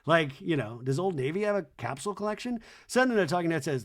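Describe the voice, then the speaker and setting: A man's voice: a little high, big pitch swings, fast talker, hardly any pauses. A man hosting a podcast, giving a wry, chatty recap of a reality show. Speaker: podcast host.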